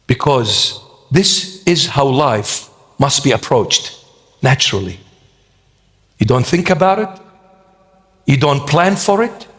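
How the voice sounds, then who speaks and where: A man's voice: fairly high pitch, a bit bright, big-room sound. A man preaching a sermon with emphatic rhetorical questions.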